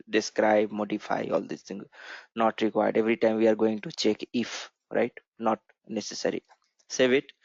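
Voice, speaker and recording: A man's voice: lowish voice, creaky, dry recording. A man teaching a programming class, walking through code on screen and often checking in with "right?". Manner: explanatory, asks "right?" often. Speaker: programming instructor. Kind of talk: screen-share coding tutorial. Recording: dull lo-fi mic.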